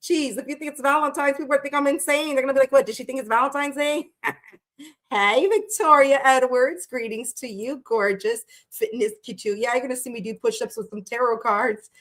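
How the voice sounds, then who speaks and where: Woman doing a tarot livestream, chatty and cussing, a bit high-pitched, greets everyone by name. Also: moderate pace, fairly bright tone. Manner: chatty, swears casually, greets viewers by name. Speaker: tarot reader livestream host. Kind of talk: casual livestream chat.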